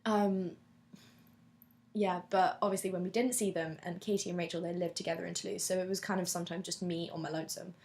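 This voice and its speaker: A woman in her twenties from England, talking candidly in a casual interview, chatty and quick to laugh. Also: on the low side, flat delivery, a little mellow. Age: 20s.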